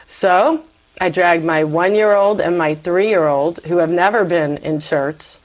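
A woman guest telling her faith story in a conversational interview, animated and acting out her own past remarks. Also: fairly low pitch, unhurried, low-quality recording. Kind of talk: conversational personal testimony.

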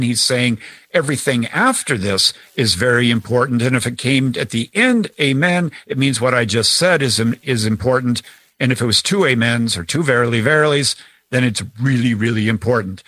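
A male scripture teacher explains a point of Bible language in a conversational way, with examples from daily life. His voice sits at an ordinary pitch, recorded dry and close. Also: fairly bright tone, dry recording.

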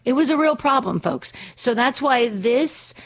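A middle-aged woman hosting a call-in radio show, chatty and quick to laugh at jokes. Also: high voice, animated. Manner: chatty, laughs easily at her own jokes. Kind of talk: casual call-in radio talk.

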